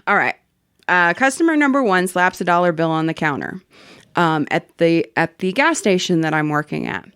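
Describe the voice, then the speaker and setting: A woman's voice: fairly low pitch, animated, moderate pace, a bit bright, clear, resonant tone, no room sound, studio quality. A woman hosting a casual podcast, animatedly reading a listener's story aloud with swearing and laughter. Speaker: podcast host.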